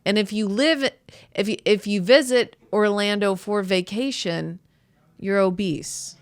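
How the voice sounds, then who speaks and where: A woman's voice: medium pitch, unhurried, no echo. A woman in her thirties hosting a podcast, telling a rambling, self-deprecating comedic story full of "like" and restarts. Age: 30s. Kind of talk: casual comedic monologue.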